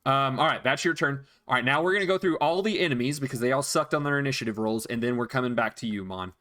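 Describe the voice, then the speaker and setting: A man's voice: mid-range voice, quick pace, bright, forceful tone. A man acting as dungeon master, patiently explaining rules and counting out moves in casual chat. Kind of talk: narrating a tabletop game.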